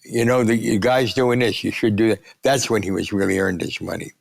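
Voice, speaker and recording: A man in his nineties, a guest sportswriter, telling animated anecdotes and acting out the voices of people he quotes. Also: lowish voice, fairly quick, vocal fry. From United States. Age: 90s. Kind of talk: storytelling interview.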